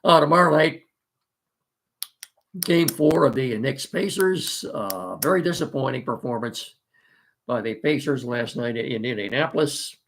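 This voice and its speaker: A man's voice: medium pitch, expressive, measured pace, creaky, fairly bright tone, slight background noise. A middle-aged man hosting a casual sports talk show, folksy and rambling with many fillers, his voice congested from allergies and a cough.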